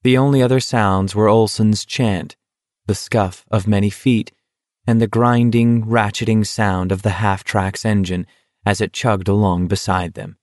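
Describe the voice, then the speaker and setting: Male audiobook reader, low and steady, dry close sound. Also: a little slow, dry recording. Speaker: audiobook narrator. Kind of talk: scripted narration.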